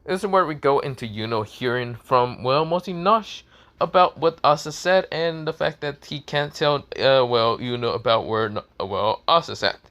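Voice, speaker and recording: A man's voice: mid-range voice, moderate pace, fairly bright tone. A man casually narrating a fan story, rambling with lots of fillers and restarts.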